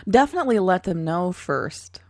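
A woman's voice: lowish voice, sing-song, normal speed, creaky, darkish tone, no echo. A woman in casual chat, adding dry, teasing quips.

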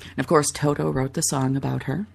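A woman in her thirties co-hosting a talk show, telling stories in a giggly, animated way. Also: sits low, fairly quick, vocal fry, husky. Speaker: radio show co-host. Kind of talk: casual chat.

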